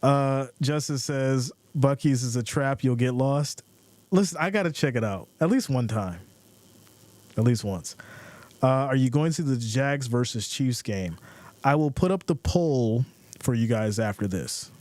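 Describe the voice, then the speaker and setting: A man hosting a sports live stream from his desk mic. His voice sits in an ordinary middle pitch, and he talks in an easygoing, chatty way. He reads viewer messages aloud and riffs on them. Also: lively intonation, unhurried, a little mellow, no echo.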